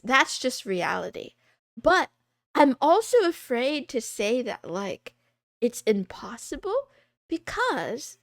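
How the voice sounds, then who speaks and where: A woman streamer chatting casually on a livestream, rambling and laughing often, a little hoarse. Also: high-pitched, no echo, clean studio sound. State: losing her voice. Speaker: VTuber streamer.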